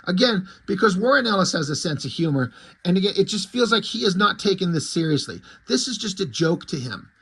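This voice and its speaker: A man's voice: sits high, very animated, a little fast, a bit bright, husky. A man reviewing a comic book in casual, profane, amused commentary.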